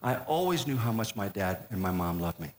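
An older man telling a humorous personal story as a speaker, folksy, with deadpan punchlines and frequent restarts. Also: fairly low pitch, a little fast. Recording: echoey room with faint noise.

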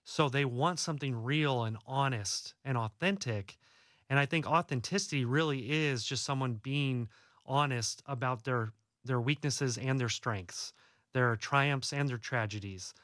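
A man's voice: medium pitch, a bit bright, no room sound, studio quality. A young adult man, an author and guest, talking earnestly and reassuringly in a casual faith-based interview, often restarting his words.

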